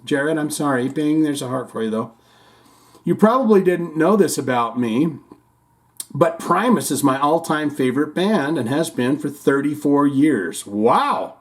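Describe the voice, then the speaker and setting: A man's voice: on the high side, expressive, unhurried. A man hosting a casual chat show, reading out and answering viewer comments with rambling restarts. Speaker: host.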